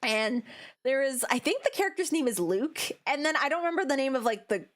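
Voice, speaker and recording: A young woman from Canada, chatting casually on a game stream, excitable and laughing often. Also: sits high, fairly quick. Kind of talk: casual livestream chat.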